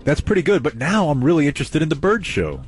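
A man's voice: fairly high pitch, sing-song, quick pace, soft background music. A man hosting a radio show, bantering and arguing playfully with his co-hosts. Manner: playful, joking, argumentative.

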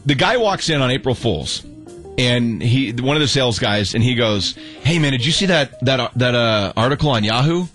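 A young adult man telling a story in casual chat, animated and acting out the quotes, with many restarts. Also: mid-range voice. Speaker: storyteller guest.

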